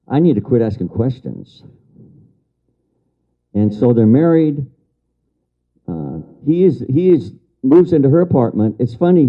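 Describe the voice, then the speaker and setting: An older man lectures to an audience in a storyteller's way, repeating key phrases for emphasis and answering remarks from the room. His voice sits at a middle pitch, and the lecture recording sounds somewhat dull and lo-fi.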